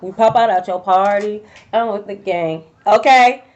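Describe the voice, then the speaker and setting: A woman's voice: mid-range voice, unhurried. A young woman giving a casual tarot reading to her viewers, blunt and profane, full of slang. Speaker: tarot reader. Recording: dull lo-fi recording.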